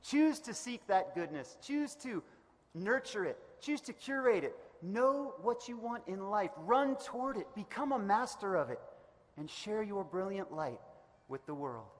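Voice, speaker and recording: A man giving a motivational commencement speech in a large hall, energetic and emphatic, building to loud repeated declarations. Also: sits high, measured pace. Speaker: commencement speaker. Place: large indoor event hall. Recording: echoey hall reverb.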